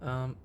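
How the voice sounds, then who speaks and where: A man's voice: high-pitched, darkish tone, clean tone. A man casting a strategy-game match on a live stream, chatty and rambling with self-mocking asides. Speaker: esports caster.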